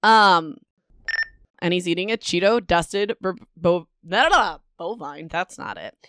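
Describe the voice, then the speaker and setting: A woman's voice: fairly low pitch, expressive, unhurried, fairly bright tone, clear, resonant tone, no echo, studio quality. A woman hosting a casual book podcast. She sounds bubbly and self-mocking, and often stumbles over words while reading aloud. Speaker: podcast host.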